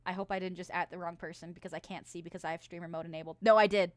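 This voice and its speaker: A woman's voice: fairly low pitch, fairly even intonation, rapid-fire, no echo. A woman streaming a video game, chatting casually with her viewers and swearing often as she plays. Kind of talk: casual gameplay stream chat.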